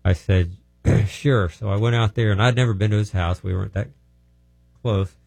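A man's voice: fairly low pitch, steady tone, normal speed, gravelly, a little mellow, no room sound, soft background music. A man telling healing testimonies in a plainspoken, folksy, rambling way. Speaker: healing ministry speaker. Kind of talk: testimony storytelling.

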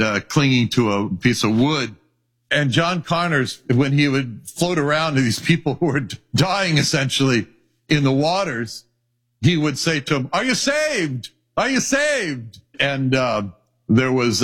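A man's voice: medium pitch, a bit bright. A male pastor preaching an earnest sermon, reading scripture aloud.

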